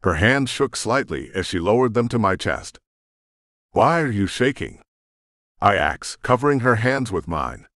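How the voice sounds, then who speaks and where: A man's voice: lowish voice, big pitch swings, moderate pace, few pauses, fairly bright tone, no echo, studio quality. A man narrating a romance audiobook in first person with dramatic, intense storytelling.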